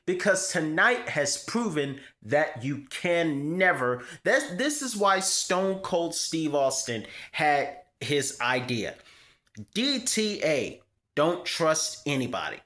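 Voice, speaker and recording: A man's voice: a little high, sing-song, slow pace, sharp tone. A young man hosting his own wrestling review vlog, talking casually and emphatically, repeating words to stress a point. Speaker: wrestling show host.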